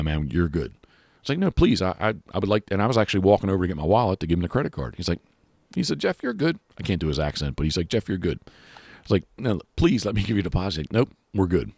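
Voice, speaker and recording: Male podcast host, very low voice, dry close sound, loose rambling chat. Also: no room sound. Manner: rambling, many restarts and fillers. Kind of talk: casual chat.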